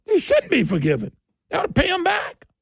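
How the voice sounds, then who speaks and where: A man's voice: very high voice, wildly swooping pitch, a little fast, gravelly, no room sound. A middle-aged man, hosting talk radio in an opinionated political monologue. He talks in a fiery, emphatic way, repeats his points and climbs sharply when worked up.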